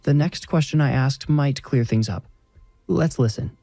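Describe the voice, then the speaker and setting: Haughty female ghost hunter, prim and formal, pitched high , voiced by a male narrator. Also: a little slow, vocal fry, mellow, no echo, faint music behind. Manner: prim, formal, a bit condescending.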